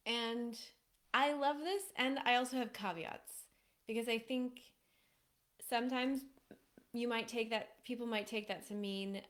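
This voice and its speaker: A woman speaks as a relationship coach to a live audience. Her delivery is casual and animated, with frequent laughs. Now and then she acts out quoted lines in playful voices. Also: on the high side, measured pace.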